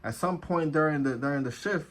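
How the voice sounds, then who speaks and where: A man's voice: fairly high pitch, fairly quick, fairly bright tone. A man from New telling a casual, profane, slang-heavy story as a vlogger. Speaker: vlogger, former officer.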